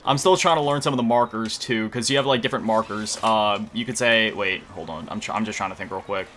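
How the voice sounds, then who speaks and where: Male gaming creator, casual rambling chat, crisp bright tone, self-deprecating, faint background hiss. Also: on the low side, quick pace. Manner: rambling, self-correcting, heavy on fillers; self-mocking, chuckling. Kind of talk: casual chat over gameplay.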